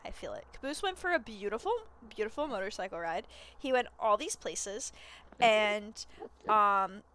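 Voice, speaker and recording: A woman's voice: medium pitch, expressive, measured pace, fairly bright tone, smooth. A young woman streaming, chatting casually in a rambling way and swearing freely. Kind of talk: casual chat.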